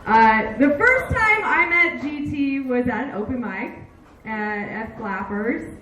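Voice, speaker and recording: A woman's voice: fairly high pitch, animated, takes it slowly, a bit bright, far from the mic, slight background noise. A woman comedian doing stand-up, blunt and profane. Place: comedy bar stage. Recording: echoey room, mic from afar.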